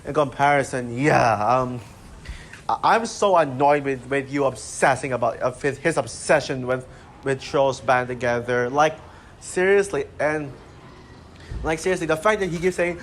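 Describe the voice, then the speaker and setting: A man's voice: mid-range voice, normal speed, a little hiss or hum. A man ranting unscripted to his channel, exasperated and rambling, with many fillers and restarts. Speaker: channel host ranting about a critic. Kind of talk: unscripted rant to camera.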